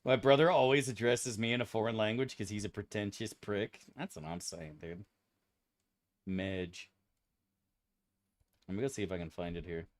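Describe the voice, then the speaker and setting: A man's voice: on the low side, moderate pace, long pauses, no echo. A young man streaming a game, chatting casually to his viewers in a profane, ranting, mock-outraged way. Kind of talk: casual live-stream chat.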